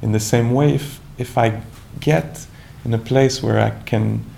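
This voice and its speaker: A man giving a calm, reflective dharma talk as a meditation teacher, searching for words with many restarts and asides. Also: medium pitch, measured pace, creaky, a little hiss or hum.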